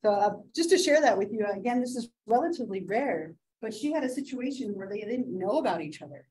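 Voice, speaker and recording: A woman in her thirties lectures a psychology class in an easy, chatty way. She keeps checking in with "right?" and fills pauses with "uh" and "um" as she tells a case story. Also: medium pitch, animated, a little mellow, slight background noise, poor audio. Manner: chatty, many fillers and "right?" asides. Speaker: psychology instructor.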